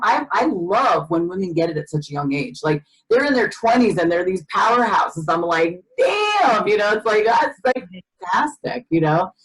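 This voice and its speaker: Host, woman, lower-pitched, animated rambling storyteller. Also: rough recording. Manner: animated storyteller, many fillers and restarts. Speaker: podcast host. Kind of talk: casual conversation.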